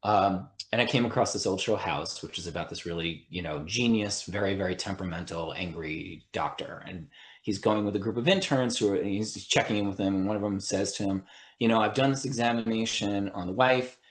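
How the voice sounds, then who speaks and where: A man's voice: low voice, a little fast, echoey room. A man, an attorney and mediator, speaking as a podcast guest. He explains his ideas earnestly, often checking in with "right?" and restarting his sentences. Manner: earnest, breaks thoughts with frequent "right?" and restarts. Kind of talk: explanatory interview conversation.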